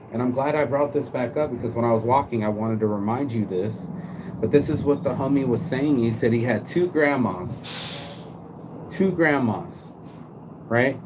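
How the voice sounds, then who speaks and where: A man's voice: mid-range voice, noisy background. A man from the Bay Area hosting a rambling motivational live stream from his phone while walking outdoors, talking in a loose, slangy, profane way. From Bay Area, California.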